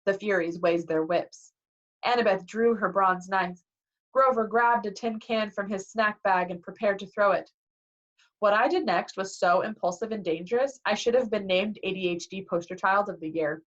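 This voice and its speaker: A woman reading a novel aloud in a lively way, acting out the dialogue, on a dull lo-fi recording. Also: mid-range voice, normal speed. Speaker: reader.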